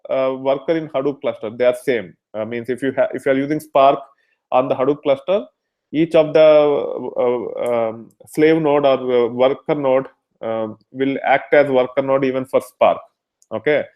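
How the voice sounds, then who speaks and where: A man giving a technical lecture at a middle pitch. He explains patiently, step by step, and fills his pauses with frequent "uh"s and restarts. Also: dark tone. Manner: explanatory, many fillers and restarts. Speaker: instructor.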